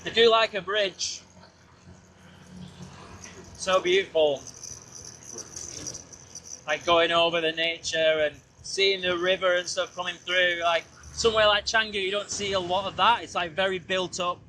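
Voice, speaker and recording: This podcast host speaks in a high-pitched, pushed, bright voice, steady and unhurried with frequent pauses, as he chats casually while scooting outdoors. His small mic wears a fluffy windshield, and road ambience mixes with a little hiss or hum.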